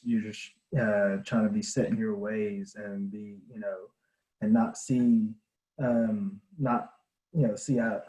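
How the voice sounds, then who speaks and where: Low flat-voiced man, halting. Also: reverberant, rough recording. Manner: halting, many fillers. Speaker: panelist. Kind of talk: online panel discussion.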